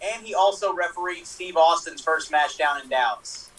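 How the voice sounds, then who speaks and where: A man's voice: on the high side, normal speed, fairly bright tone. A man on a video call chatting casually as a contestant, easygoing and rambling. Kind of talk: casual chat. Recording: distant from the mic.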